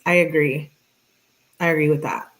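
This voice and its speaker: A woman's voice: low-pitched, normal speed. Woman reading messages, sarcastic asides. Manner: reads both sides flatly, interjects sarcastic asides. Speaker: true crime commentator. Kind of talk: reading text messages aloud with commentary.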